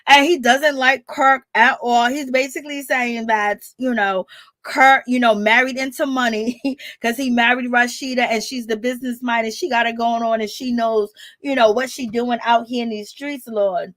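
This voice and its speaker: A woman recapping reality TV in a loose, gossipy way. Her voice sits fairly high and she laughs easily as she acts out the scenes. The sound is dry and close, with no room around it. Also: moderate pace, no room sound. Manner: animated, laughing, reenacts quotes with rising squeals.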